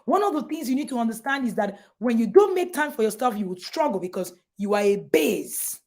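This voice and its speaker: A middle-aged Nigerian woman talks to parents as a coach, her voice high and very lively in pitch. She is emphatic and animated, now and then mimicking a shout to drive a point home. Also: fairly quick. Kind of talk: motivational talk to parents.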